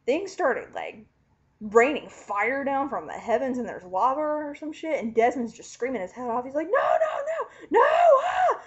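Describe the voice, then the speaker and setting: A woman giving an animated, casual spoken recap, chatty and swearing freely. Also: a little high. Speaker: vlogger recapping a TV finale. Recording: dull lo-fi home recording.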